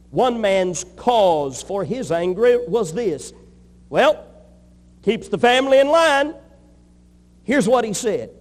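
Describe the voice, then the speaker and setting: A pastor with a high voice delivers an emphatic sermon and drives his points home through rhythmic repetition. His words ring out with a long reverb trailing behind them in a large hall. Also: big pitch swings, slow, pauses often.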